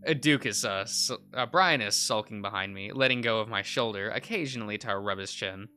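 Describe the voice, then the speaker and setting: A man's voice: on the low side, brisk, hardly any pauses, bright, forceful tone, clean tone, faint music behind. A young man streaming, reading a visual novel aloud with many uhs and restarts.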